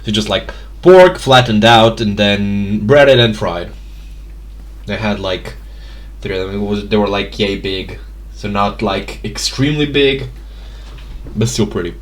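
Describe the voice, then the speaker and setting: A man's voice: on the low side, animated, unhurried, pauses often. A man narrating a tabletop game as game master, hesitant and full of fillers and restarts.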